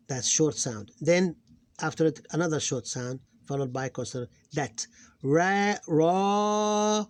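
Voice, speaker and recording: A man teaching a phonics lesson, explaining step by step and sounding out syllables loudly. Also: medium pitch.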